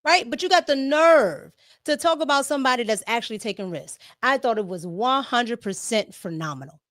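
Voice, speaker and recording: A woman's voice: a little high, expressive, a little fast, fairly bright tone, no room sound, studio quality. A woman hosting a casual political livestream, talking emphatically, repeating herself and tagging her points with "okay?". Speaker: political commentary host.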